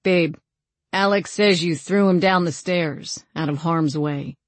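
A woman reading the lines of a calm, protective young male warrior in a plain, even way. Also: fairly low pitch, a little slow, no room sound, close to an everyday voice. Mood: quick, gentle.

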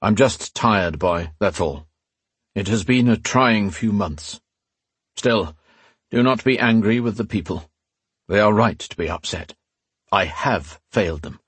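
A man's voice: lowish voice, husky, no echo. A man doing a grave, weary old ruler. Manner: grave, measured, sometimes growling.

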